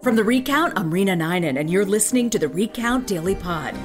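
A woman hosting a daily news podcast, reading the morning headlines in a crisp, measured way. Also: mid-range voice, lively intonation, music in the background.

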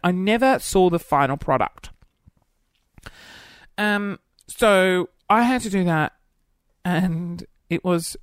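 A young man hosting a podcast in casual solo chat, camp and flamboyant, running off into quick asides. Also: high voice, no room sound, clean studio sound. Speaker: podcast host.

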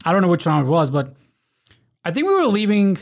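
This man's voice is high-pitched and a little fast as he drunkenly tells animated, profane, rowdy stories in casual chat, acting out the people he quotes.

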